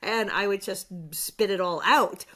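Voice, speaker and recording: A woman in her sixties, an actress guest chatting casually and telling animated stories with acted-out quotes. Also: medium pitch, unhurried. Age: 60s. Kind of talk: casual chat.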